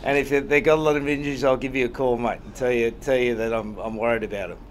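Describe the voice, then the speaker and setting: A rugby head coach at a post-match press conference, answering reporters bluntly and wryly and repeating phrases for emphasis. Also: male voice, mid-range voice, steady tone, quick pace, a little hiss or hum. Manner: blunt and wry, often ends with "mate".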